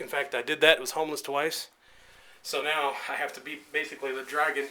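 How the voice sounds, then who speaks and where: A man's voice: medium pitch, level tone, a little fast, sharp tone. A man, an independent pro wrestler, cutting a rambling, emotional promo of his own. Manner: intense, rambling and emotional, with many restarts. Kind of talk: rambling self-made promo video.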